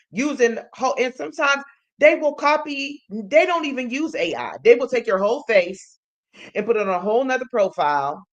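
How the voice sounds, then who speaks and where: A woman's voice: medium pitch, muffled recording. A woman co-hosting a live stream, talking casually and thinking aloud as she goes. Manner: rambling, thinks aloud with um and you know. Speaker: co-host.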